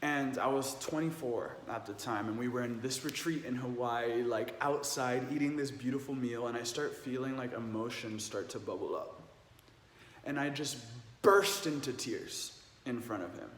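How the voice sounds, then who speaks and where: A man's voice: medium pitch, moderate pace, fairly bright tone, slight background noise. Earnest young man in an echoey room. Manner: earnest, emotional, many "like" fillers. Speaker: vlogger. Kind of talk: personal storytelling. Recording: echoey room with long reverb, faint ambience.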